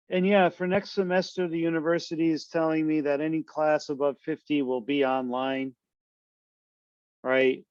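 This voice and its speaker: A man's voice: mid-range voice, clean tone, no echo, muffled recording. A man lecturing a university class online in a casual, conversational way, often checking in with "right?" to his students. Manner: loose, conversational, full of tag questions.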